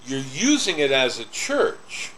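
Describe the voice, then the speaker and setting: A man co-hosting a casual chat, speaking slowly with stammered restarts. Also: on the high side, wildly swooping pitch, pushed and bright, a little hiss or hum. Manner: slow, drawn-out, with stammered restarts. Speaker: co-host.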